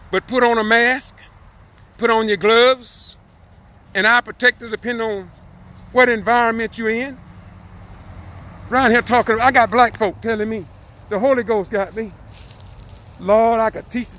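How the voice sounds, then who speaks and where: A man preaching with a strikingly high, bright, ringing voice. He repeats phrases for weight and builds into cries and shouts. He delivers his message outdoors in a town. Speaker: street preacher. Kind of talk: impassioned preaching.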